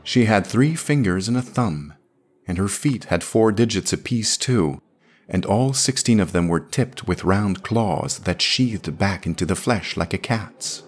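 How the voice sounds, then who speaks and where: Deep slow husky story narrator. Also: male voice, animated. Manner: measured, descriptive storytelling. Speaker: podcast narrator. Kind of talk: reading a pulp science fiction story aloud.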